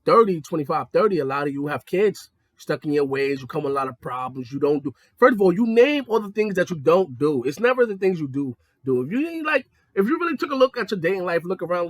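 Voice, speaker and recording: A young adult man telling profane stories in a casual monologue, jumping between high excited tones and low mocking ones. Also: no room sound, clean studio sound. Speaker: podcast host.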